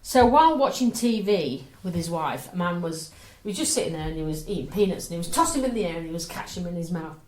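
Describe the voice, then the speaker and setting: A middle-aged woman co-hosting a podcast, telling jokes with dry punchlines in a brisk manner. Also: lowish voice, animated, a little mellow. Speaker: podcast co-host. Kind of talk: casual chat, telling jokes. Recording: roomy echo.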